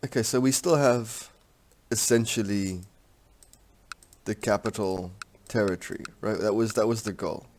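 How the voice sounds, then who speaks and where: A man's voice: lowish voice, unhurried, darkish tone. A man giving casual gameplay commentary on a strategy game, thinking aloud in a rambling, frank way. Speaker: strategy game let's-player.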